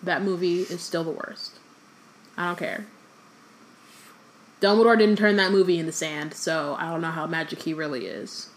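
A woman's voice: fairly low pitch, fairly even intonation, normal speed, pauses often. A woman co-hosting a podcast, chatting casually with fillers and reading a book aloud in between.

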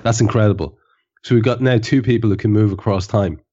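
A man with a low voice hosts a football podcast in casual chat. He builds each point with eager repetition and restarts, and the recording sounds dull and lo-fi. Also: a little mellow. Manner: enthusiastic, repeats himself, drawn-out phrasing. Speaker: podcast host.

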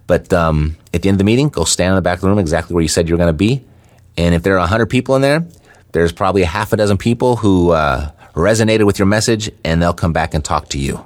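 A man explaining real estate investing in a relaxed teaching talk, often checking in with "right?". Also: sits low. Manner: conversational, checks in with "right?" often, some fillers.

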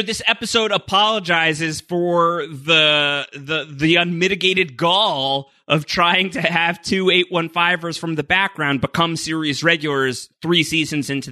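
A man with a very bright, sharp-edged voice that sits a little high, co-hosting a podcast. He talks in an animated, opinionated way and often restarts his sentences. The sound is dry and close. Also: unhurried, no echo. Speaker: podcast co-host. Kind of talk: casual chat.

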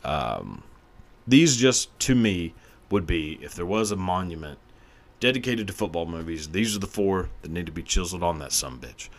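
A young man hosts his own podcast, talking solo in a loose, profane ramble. His voice sits low and deep. He jokes crudely and breaks into laughter often. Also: very animated, moderate pace. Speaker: podcast host. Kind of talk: casual solo podcast monologue.

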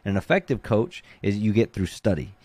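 A jiu-jitsu coach talks in a lowish voice, a little on the fast side, with no audible room sound. In this laid-back interview he keeps things conversational, leaning heavily on "you know" and "like."

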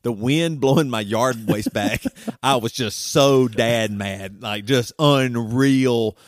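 A man hosting a podcast, telling comic stories in a lively way and often laughing as he talks. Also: mid-range voice, slow pace, dry recording, studio quality. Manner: animated, laughs through his stories. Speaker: podcast host. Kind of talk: casual comic storytelling.

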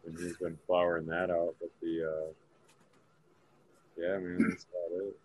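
A man's voice: deep voice, completely flat delivery, unhurried, a little hiss or hum, rough recording. A man in casual chat, rambling and trailing off as he searches for words.

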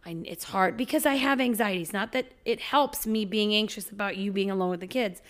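A woman chatting casually about her young children, telling lively stories with plenty of swearing. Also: medium pitch, fairly quick. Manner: animated storytelling, swearing, imitating her toddlers. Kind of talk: casual chat about their kids.

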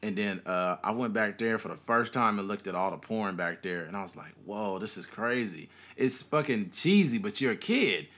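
A man's voice: lowish voice, fairly quick, few pauses. A young man, a podcast co-host, chatting casually and acting out the people in his stories. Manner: animated storyteller, acts out quotes. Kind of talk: casual chat.

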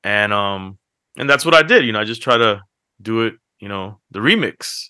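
A man on a podcast, co-hosting and telling stories in a casual, animated way that breaks into laughter. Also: lowish voice, normal speed, no room sound, clean studio sound. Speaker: podcast co-host. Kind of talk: casual chat, storytelling.

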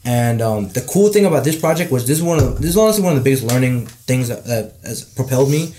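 Young guy talking fast, lots of likes, excited about his story. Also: medium pitch, a little hiss or hum. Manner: rapid, filler-laden, enthusiastic. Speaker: guest. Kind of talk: casual conversation.

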